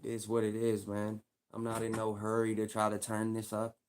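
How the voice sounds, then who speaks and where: A man's voice: fairly low pitch, completely flat delivery, normal speed, darkish tone, a little hiss or hum. Casting note: young Louisville, Kentucky man, casual livestream rambler, streetwise slang, repetitive.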